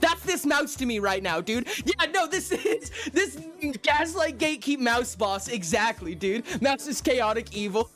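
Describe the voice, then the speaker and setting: A man telling a story in casual stream chat, animated and profane, with lots of exclamations. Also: extremely high pitch, unhurried. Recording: faint music in background.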